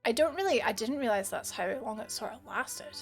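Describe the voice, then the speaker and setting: A woman's voice: a little high, expressive, brisk, creaky, soft background music. A young Scottish woman streaming a game live, chatting and laughing with her viewers. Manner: chatty, giggly, reads chat aloud. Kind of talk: live gameplay stream chat.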